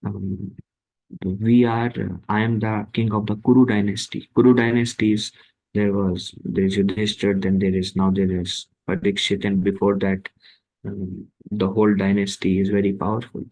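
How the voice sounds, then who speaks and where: A man giving a devotional scripture class, speaking slowly and haltingly with many fillers. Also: fairly low pitch, little pitch movement, darkish tone, rough recording.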